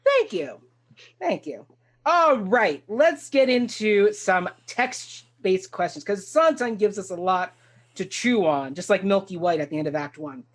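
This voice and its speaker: An eager talk show host who rambles happily through a casual discussion. Sentences often restart mid-thought. The voice sits at a middling pitch. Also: animated, a little slow. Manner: enthusiastic, rambling and full of restarts. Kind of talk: casual discussion of a stage musical.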